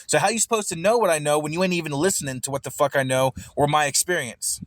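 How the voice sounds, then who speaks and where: A man's voice: a little high, fast, no echo, clean studio sound. A man giving heated, profanity-filled commentary, often stammering and repeating words as he reacts to a recorded argument. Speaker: streamer reacting to a recorded debate.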